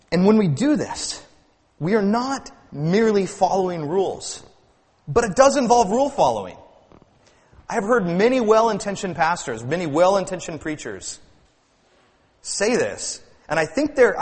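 Earnest preaching man in a reverberant hall. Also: on the high side. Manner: earnest preaching, rising and falling emphasis, repeats words. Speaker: pastor. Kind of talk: sermon.

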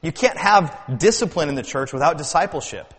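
A man's voice: fairly high pitch, expressive, fairly quick, fairly bright tone, long reverb tail. A man preaching a sermon as pastor, earnest, with rising and falling emphasis and frequent repeated words.

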